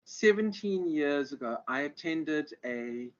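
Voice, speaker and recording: A man's voice: a little high, lively intonation, takes it slowly. A man giving an online lecture, rambling with many ums and restarts over a video call. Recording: muffled lo-fi audio.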